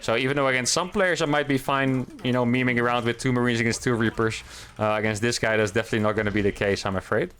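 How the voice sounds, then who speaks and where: A man talks through his own match while he plays it, in casual, upbeat commentary. His voice sits at an ordinary middle pitch, and he thinks out loud in a relaxed, chatty way. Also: fast. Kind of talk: casual live game commentary.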